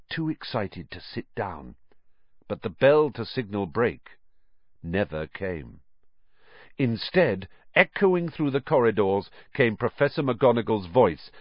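A man reading an audiobook, narrating in a measured, expressive storytelling manner. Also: on the low side, no room sound, lo-fi sound. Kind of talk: scripted narration.

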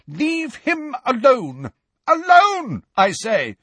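A man's voice: very high-pitched, huge pitch swings, drawn-out words, pushed and bright, husky, no room sound, voice pushed up, exaggerated voice. McGonagall, a man playing a stern, fierce old teacher. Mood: indignant. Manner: commanding, indignant. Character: stern older woman teacher, fierce and indignant.

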